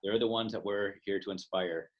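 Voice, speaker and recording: Podcast host dude, lowish voice, hyped and encouraging, jokes around. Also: male voice, fairly even intonation, moderate pace, dull audio. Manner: enthusiastic, affirming, playful. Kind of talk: casual interview chat.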